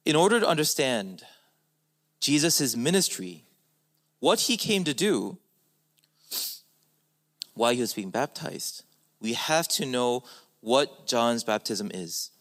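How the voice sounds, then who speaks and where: A man's voice: medium pitch, sing-song, takes it slowly, pauses often, fairly bright tone. A man preaching a sermon as a pastor, emphatic, with his voice rising and falling for stress.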